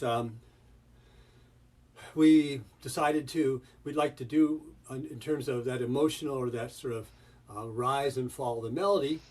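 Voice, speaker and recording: A man's voice: mid-range voice, a little mellow, breathy edge, far from the mic. A man giving a webinar demonstration of pronunciation teaching, breaking up his talk with rhythmic chanted example sentences.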